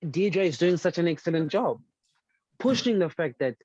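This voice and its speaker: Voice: medium pitch, lively intonation, normal speed, a little mellow, no room sound. Earnest panelist, stumbles over repeated words, dry dull lo-fi sound. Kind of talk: panel discussion.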